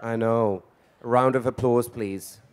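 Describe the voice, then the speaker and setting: A man's voice: mid-range voice, fairly even intonation, a little slow. A man in his forties hosting a live event as a drag queen, with flamboyant, theatrical camp banter on stage. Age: 40s. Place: event stage before an audience.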